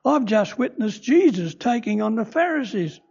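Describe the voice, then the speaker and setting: An older man voicing an excited male eyewitness who tells his news slowly and emphatically. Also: high voice, creaky, breathy edge, voice pushed up, heavily acted. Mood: earnest. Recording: dull lo-fi recording.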